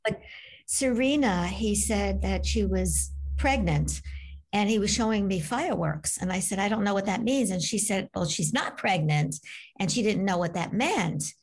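A woman's voice: mid-range voice, normal speed, breathy edge. Woman author-guest, chatty storyteller, acts out the voices. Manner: animated, acts out voices in her stories. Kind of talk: conversational storytelling.

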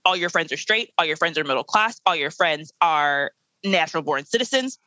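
A young woman in her late twenties, speaking as a guest in a podcast interview. She talks in a blunt, emphatic way and laughs now and then. Her voice is bright and forceful, with a dry, close sound. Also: low-pitched, expressive, a little fast, no room sound, lo-fi sound. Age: 20s. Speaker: guest, educator.

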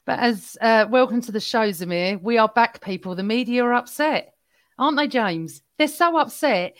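A woman's voice: on the high side, normal speed. A woman hosting a casual football podcast chat, upbeat and teasing. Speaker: podcast host.

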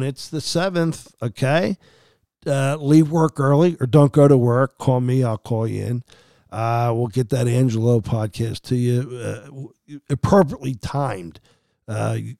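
A man's voice: medium pitch, fairly even intonation, normal speed, vocal fry, mellow, no echo, studio quality. A man hosting a sports podcast, rambling through a casual monologue with many fillers and restarts.

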